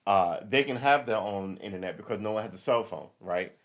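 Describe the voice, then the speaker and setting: A man's voice: on the low side, brisk, a bit bright. Rambling man hosting a live stream. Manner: rambling, self-correcting, reads chat aloud. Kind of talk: casual rambling commentary.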